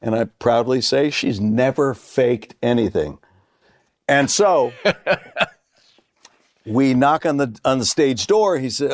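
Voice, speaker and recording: Middle-aged actor guest, animated storyteller who plays every part, dry close mic. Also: male voice, mid-range voice, slow, long pauses, dry recording. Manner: acts out quoted voices, laughs mid-story. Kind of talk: casual chat, animated storytelling.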